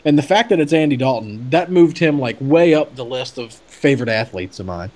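A man's voice: medium pitch, expressive, brisk, a little mellow. A man telling a story in a casual chat, chatty with many fillers and restarts. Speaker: podcast guest telling a story.

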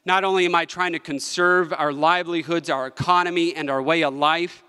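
A West Virginia state treasurer gives an impassioned political conference speech from a podium, his slightly high voice steady, fairly quick and smooth, with few pauses and a bright, forceful tone. He is emphatic and repeats words for effect, while a long hall reverb fills the large conference room.

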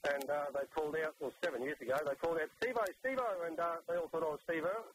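A man's voice: fairly high pitch, fairly even intonation, rapid-fire, background noise. A man calling in to a radio show, chatty and easygoing. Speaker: caller. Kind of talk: telling a story on a call-in.

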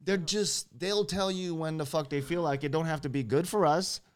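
A man's voice: fairly high pitch, normal speed. A man co-hosting an online talk show in loose, joking chat, swearing freely and laughing often. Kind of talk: casual chat.

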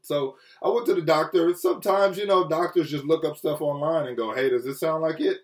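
A man preaching a sermon with earnest feeling, often dropping low and soft and then rising for emphasis. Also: expressive, fairly quick, roomy sound, far from the mic. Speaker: pastor. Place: Chicago.

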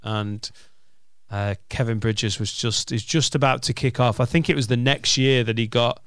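A man's voice: medium pitch, steady tone, moderate pace, a bit bright, clean tone, no echo, studio quality. A man with a Lancashire accent, a comedian chatting casually on a podcast, swearing and telling stories. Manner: sweary, joking, storytelling.

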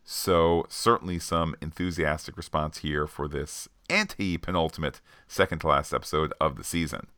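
A man's voice: a bass voice, fairly even intonation, moderate pace, few pauses, sharp tone, no room sound, clean studio sound. A man co-hosting a podcast, working through listener tweets with frequent fillers. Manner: reads off a list with frequent uh fillers. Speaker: podcast co-host.

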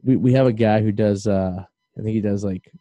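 A man's voice: lowish voice, brisk, warm tone, no room sound. A man with a Boston accent hosting a podcast, chatting in a loose, rambling, jokey way. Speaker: podcast host. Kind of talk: casual podcast chat.

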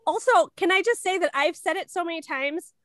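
A woman co-hosting a podcast who asks guests questions in casual chat, talking quickly with many restarts. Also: very high-pitched, fairly bright tone, dry recording. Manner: quick, lots of likes and restarts. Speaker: podcast co-host.

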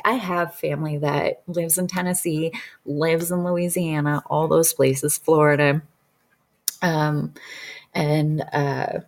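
A woman with a slightly low voice tells a personal story in a loose, chatty way. Her talk is full of "like" and small restarts. She is a past-life regression practitioner sharing her own experience. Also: a little mellow. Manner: chatty, many "like" fillers, acts out quoted dialogue.

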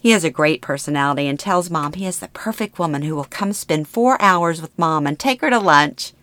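A middle-aged woman reads her own memoir in a steady, plain storytelling manner. Her voice sits low, and the recording is close and dry with no room in it. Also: a little fast, no room sound. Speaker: memoir narrator. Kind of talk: first-person memoir reading.

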